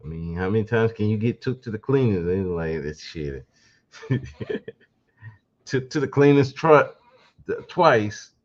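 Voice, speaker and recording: Male podcast host, low voice with lively swings, sarcastic solo commentary, dull lo-fi sound. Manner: mocking, sarcastic, laughing asides. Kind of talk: casual commentary monologue.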